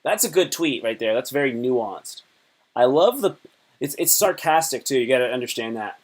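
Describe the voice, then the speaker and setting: A livestream host chats casually, rambling in slang, reading tweets aloud and joking around. His voice is medium-pitched and animated, moving at a moderate pace.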